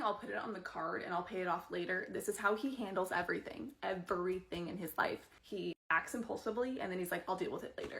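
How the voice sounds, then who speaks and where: A woman races through her thoughts on a TV episode. She talks quickly and with excitement, sharing strong opinions. Now and then she drops into a whispered aside. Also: medium pitch, creaky. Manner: animated, opinionated, gushing, occasional whispered asides. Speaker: fan commentator. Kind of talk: rapid-fire TV episode commentary.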